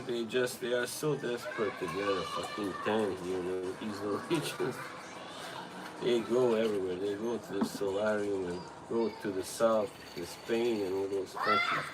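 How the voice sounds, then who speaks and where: A man with a Serbo-Croatian accent and a lowish voice chats casually on a livestream, rambling, cursing, and laughing a lot. It's captured on a tablet's built-in mic, with heavy background noise.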